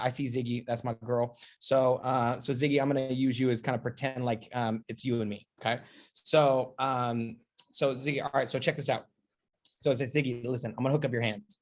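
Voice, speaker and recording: Speaking at a medium pitch with a somewhat dark tone, this man leads a relaxed, cheerful sales training demonstration. He keeps things playful and chatty, repeatedly tossing "okay?" and "right?" to his audience.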